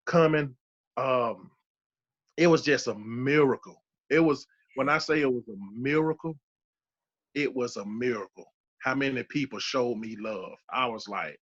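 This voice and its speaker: A man's voice: medium pitch, a bit bright, lo-fi sound. Emphatic man in his thirties giving testimony. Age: 30s. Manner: emphatic, repeats key phrases for weight. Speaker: podcast guest giving a testimony. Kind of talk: emotional personal testimony.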